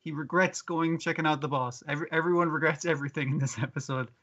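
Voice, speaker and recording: Bright-voiced man recapping an anime, lo-fi. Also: on the high side. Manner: animated, swears freely, acts out characters in quick bursts. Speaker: podcast co-host. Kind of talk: casual chat recapping an anime episode.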